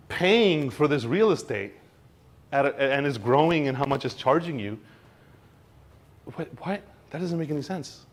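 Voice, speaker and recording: Animated man giving a casual crypto talk. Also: fairly high pitch, a little slow, pauses often. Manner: animated, acts out dialogue in mock voices; blunt, swears casually. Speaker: crypto educator. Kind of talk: informal seminar talk.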